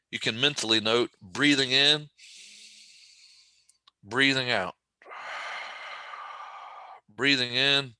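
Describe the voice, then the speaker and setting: A man leading a guided breathing meditation, speaking slowly and gently with casual asides to the listener. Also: fairly low pitch, no echo. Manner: slow, gentle, calm guidance with casual asides.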